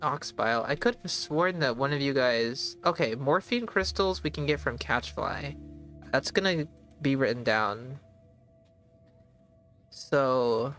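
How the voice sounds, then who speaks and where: A man streaming a game live, thinking aloud in a slow, halting way and sometimes spelling words out letter by letter. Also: medium pitch, a bit bright. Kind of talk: casual live gameplay commentary.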